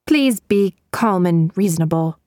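A scheming nephew trying to smooth things over in a low, soothing tone, as a woman reads him. The sound is close and dry. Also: lively intonation, a little slow, darkish tone, no room sound.

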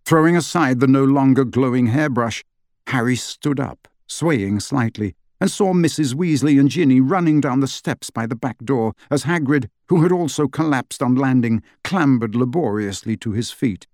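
Guy reading a novel aloud, steady, super dry mic. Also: medium pitch, normal speed, dry recording. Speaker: audiobook narrator. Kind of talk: scripted narration.

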